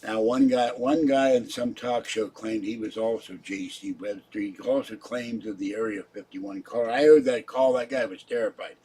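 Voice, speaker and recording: A man's voice: lowish voice, fairly even intonation, normal speed, hardly any pauses, warm tone, slight background noise. A man chatting casually on his own livestream, rambling and muttering asides to his chat. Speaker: YouTube livestreamer.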